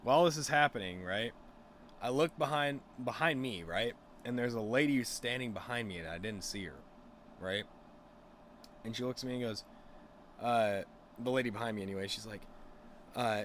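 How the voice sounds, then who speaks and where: A man's voice: fairly low pitch, a little fast, a bit bright, slight background noise. A man streamer rambling through a crude, casual story with lots of fillers.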